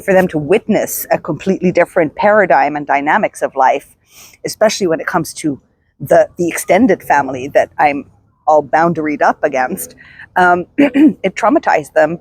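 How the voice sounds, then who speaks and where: A middle-aged woman speaks straight to her viewers, telling her own story in a reflective, halting way and often circling back to restart a thought. Her voice sits a little low and sounds husky and breathy. The sound is dry and close, with no room echo. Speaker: self-help vlogger. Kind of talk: personal storytelling to camera.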